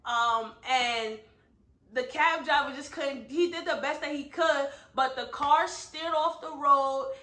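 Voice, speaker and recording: High, bright-voiced woman reviewing a book. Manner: emphatic, heavy use of "like" and "right?". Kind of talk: casual book review vlog. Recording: echoey room.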